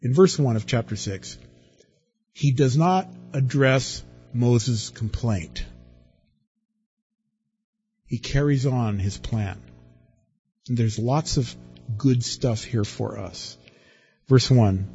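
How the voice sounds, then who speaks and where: A man preaching a sermon, lively and dramatic, acting out the people he quotes with big swings in his voice. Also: medium pitch, slow, long pauses, lo-fi sound, faint music behind. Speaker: pastor.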